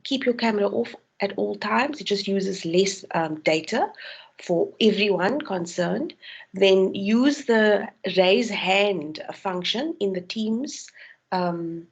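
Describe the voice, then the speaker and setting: A woman's voice: medium pitch, slow pace, vocal fry, slightly rough, lo-fi sound. A woman from South Africa, a university tutor giving an online tutorial, explaining with frequent ums and restarts.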